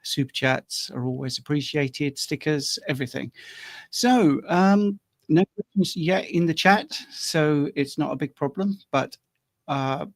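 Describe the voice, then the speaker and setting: An older man from the UK hosts a live stream Q&A, chatting loosely and greeting viewers by name. His voice is gravelly and sits a little high. The sound is dry and close on a desk microphone. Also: a little slow, no room sound. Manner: chatty, reads out viewer comments. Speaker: host.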